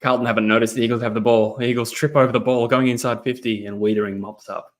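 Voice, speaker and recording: A young Australian man with a medium-pitched, level voice talks quickly while hosting a casual footy livestream from a laptop indoors. He commentates on the match and chats with viewers, rambling with plenty of ums and reading chat messages aloud.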